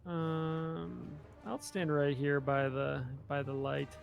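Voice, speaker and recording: A man at a gaming table with a fairly high, gravelly voice, thinking aloud about what his character should do. He sounds unsure and keeps talking himself through his options. Faint music sits behind him. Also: fairly even intonation, slow pace, dull audio. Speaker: player. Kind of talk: casual tabletop play.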